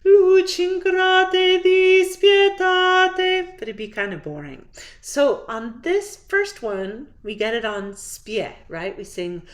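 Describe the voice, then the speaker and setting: A woman's voice: medium pitch, sing-song, unhurried. A woman voice teacher who patiently explains a song, then sings phrases to show them. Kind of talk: singing lesson walkthrough.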